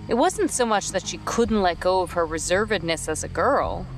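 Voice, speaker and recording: A woman narrating a storybook in a steady, even read. Her voice sits on the low side, with faint music playing under her. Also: moderate pace. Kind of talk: scripted narration.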